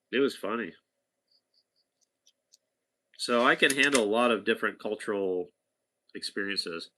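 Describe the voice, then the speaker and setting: A man's voice: fairly low pitch, unhurried, long pauses, bright, forceful tone. A man casually telling a rambling anecdote to a companion, chatty, with asides and restarts. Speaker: storyteller talking to a companion.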